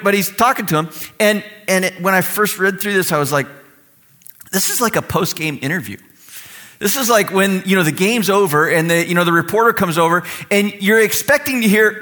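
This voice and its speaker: A man preaching a sermon in a conversational, animated way, acting out the voices he quotes. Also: high voice, a little fast. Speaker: pastor.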